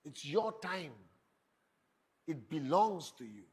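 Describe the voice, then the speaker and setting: A man's voice: fairly high pitch, very animated, slow, darkish tone, husky. A middle-aged man giving a motivational stage talk, firing rhetorical questions and boasting. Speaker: motivational speaker at a network marketing event.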